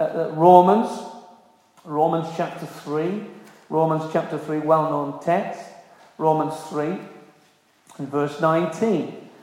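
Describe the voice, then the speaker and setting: Emphatic preacher in an echoing hall. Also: male voice, a little high. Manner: earnest, emphatic, repeating key phrases. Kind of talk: sermon. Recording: very echoey hall with long reverb.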